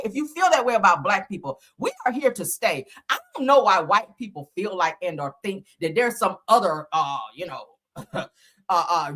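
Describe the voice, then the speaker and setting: A woman livestream host talks bluntly and profanely, laughing often as she goes. Her voice is bright and sharp, and her pitch swings widely. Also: breathy edge. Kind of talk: casual livestream commentary.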